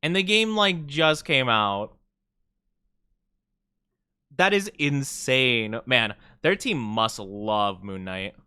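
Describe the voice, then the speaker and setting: Playful and jokey, this young game streamer chats casually, slipping into mock self-pity and laughing quickly. His medium-pitched voice is expressive, sharp and smooth, captured in clean studio sound without room echo.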